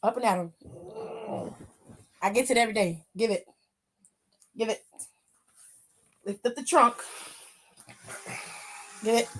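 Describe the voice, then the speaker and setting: A woman's voice: a little high, takes it slowly, pauses often, husky. A young woman hosting a casual wrestling aftershow stream, sassy and chatty, talking back to her chat and calling viewers pet names.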